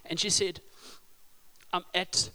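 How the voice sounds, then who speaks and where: Man, slightly high voice, preaching, humorous storytelling. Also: level tone, slow pace. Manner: storytelling with humor, rising to loud emphasis. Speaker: pastor. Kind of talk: sermon.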